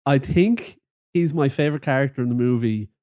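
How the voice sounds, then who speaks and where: A man's voice: mid-range voice, a little fast, mellow, no echo, studio quality. A young Irish man co-hosting a podcast, retelling film scenes in casual chat with lots of laughing. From Ireland. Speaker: podcast co-host.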